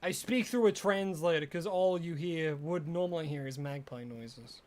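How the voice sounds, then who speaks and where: An Australian game streamer chatting playfully and rambling on a live stream, breaking into excited yelling. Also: medium pitch, moderate pace. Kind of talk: live gameplay stream chat.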